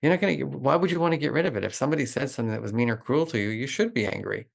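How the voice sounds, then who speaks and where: A middle-aged man talking as a guest expert in an interview, animated and explanatory, with lots of "like" fillers. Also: medium pitch, racing, vocal fry. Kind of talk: conversational interview.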